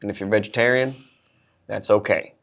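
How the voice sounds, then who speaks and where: A man putting on a slow, deadpan Southern drawl as a hunting sergeant. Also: fairly low pitch, vocal fry, voice pushed down.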